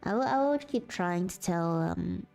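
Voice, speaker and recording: Low, gravelly woman telling a story. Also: faint music behind. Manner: slow, steady narrating voice. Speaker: streamer. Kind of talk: livestream chat and storytelling. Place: at home, sitting on the floor.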